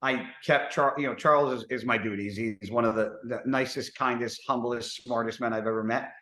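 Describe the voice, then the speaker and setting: Rambling bodybuilder in a roomy echo. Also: male voice, mid-range voice, fairly even intonation, bright, forceful tone. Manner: rambling, halting, many restarts. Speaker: bodybuilder on a podcast. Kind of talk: casual podcast chat.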